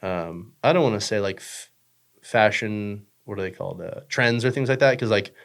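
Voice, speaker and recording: A man's voice: lowish voice, moderate pace, creaky, fairly bright tone. A young man chatting casually as a podcast guest, rambling with lots of fillers, swearing and joking. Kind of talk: casual chat.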